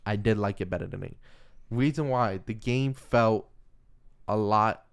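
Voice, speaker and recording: A young man co-hosting a casual podcast, with a lower, clear and resonant voice. He rambles and corrects himself as he goes, trading quick takes with a friend. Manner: chatty, self-correcting, laughs easily. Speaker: podcast co-host. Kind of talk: casual chat about comics and movies.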